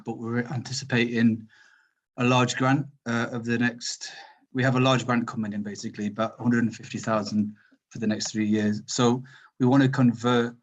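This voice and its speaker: A man's voice: medium pitch, lo-fi sound. A man on a webinar video call, asking polite, apologetic questions while thinking aloud.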